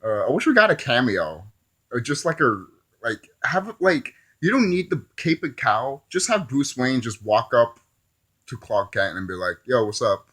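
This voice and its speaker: A man's voice: medium pitch, very animated, moderate pace, pushed and bright. A man giving a casual, rambling movie review who often laughs at his own jokes.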